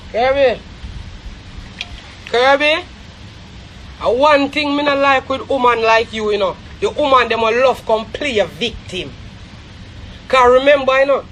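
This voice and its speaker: A woman's voice: high voice, fairly bright tone, slight background noise. A Jamaican woman giving heated, scornful gossip commentary on a live stream. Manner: scornful, rapid, repetitive.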